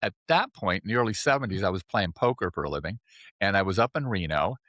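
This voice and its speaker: A man in his seventies, a podcast guest, telling his life story in a chatty, animated way and often checking in with "right?". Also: deep voice, quick pace, no echo, clean studio sound. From California. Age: 70s. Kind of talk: casual storytelling interview.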